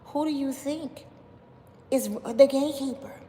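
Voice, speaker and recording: A woman's voice: high voice, unhurried, dark tone, big-room sound, a little hiss or hum, pitched above the performer's own voice. A woman doing a mocking impression of an angry, dramatic woman who fires off accusing rhetorical questions.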